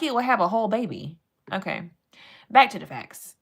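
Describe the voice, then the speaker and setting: A woman's voice: mid-range voice, big pitch swings, normal speed, gravelly, slightly rough. A young woman chatting playfully with her live-stream chat and reading animal facts aloud.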